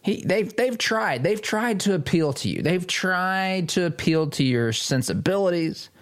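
A middle-aged man hosting a political commentary show, reading an article aloud and reacting with sarcasm and emphatic jumps in pitch. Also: lively intonation, measured pace.

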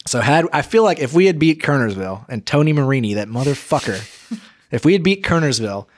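A young man rattles through a casual podcast chat at a quick clip. He is excitable and swears freely, talking at an ordinary middle pitch. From North Carolina. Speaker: podcast host.

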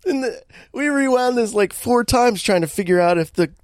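A man's voice: extremely high pitch, normal speed, no echo, clean studio sound. A man co-hosting a podcast, recapping a bad movie in casual chat, laughing often as he tells it. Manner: animated storytelling, laughing often, many restarts. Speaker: podcast co-host.

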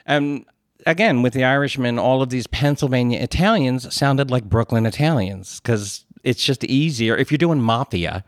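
A man's voice: mid-range voice, normal speed, dry recording. Man with a Philly accent, podcast co-host, chatty and self-deprecating, dry close mic. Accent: Philadelphia. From Philadelphia area. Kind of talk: casual podcast chat. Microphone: podcast studio mic.

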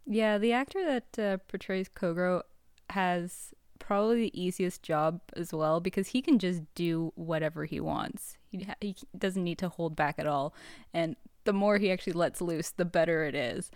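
A woman's voice: fairly low pitch, normal speed, a little mellow, clear, resonant tone, no echo, clean studio sound. A woman co-hosting a podcast, chatting casually with many fillers and easy laughs. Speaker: podcast co-host. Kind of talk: casual chat.

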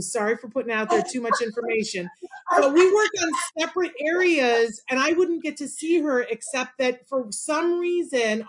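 A woman colleague telling a playful, self-deprecating story in conversation. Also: high-pitched. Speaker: colleague at headquarters. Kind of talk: chatty anecdotal conversation.

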